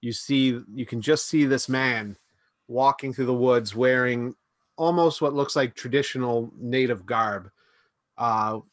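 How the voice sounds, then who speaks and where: A man serves as game master for a tabletop session, talking casually with frequent fillers and restarts. His voice sits at an average pitch, recorded dry with no room sound. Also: a bit bright, dry recording. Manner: casual, hesitant narration with fillers. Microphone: home microphone on a stream.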